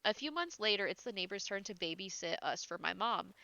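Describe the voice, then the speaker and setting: A woman's voice: mid-range voice, expressive, a little fast, creaky, sharp tone, poor audio. A woman reading ghost stories aloud, often breaking into giggles and incredulous asides, her nose a little congested. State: slightly congested.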